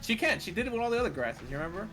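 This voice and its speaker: A man chatting casually on a gaming stream, talking fast and laughing often. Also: sits high, rough recording. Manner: animated, laughs often, rapid ideas. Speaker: stream guest and chat regular.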